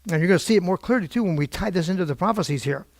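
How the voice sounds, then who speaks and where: A middle-aged man teaching a Bible prophecy class in an animated, digressive way, with frequent exclamations. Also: high voice, very fast, no room sound. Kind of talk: informal Bible lesson.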